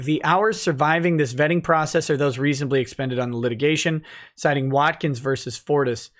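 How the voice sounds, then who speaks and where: A man in his thirties, a lawyer host reading court filings aloud and commenting, rushing through citations and slowing down hard to stress his points. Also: fairly high pitch, fairly bright tone. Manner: reads citations fast, then slows to stress points; stumbles and self-corrects on case names.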